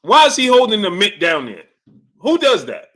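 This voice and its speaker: With a high voice at a moderate pace, a sports channel host gives live-stream commentary while reading super chats. He's animated and incredulous, often repeating himself.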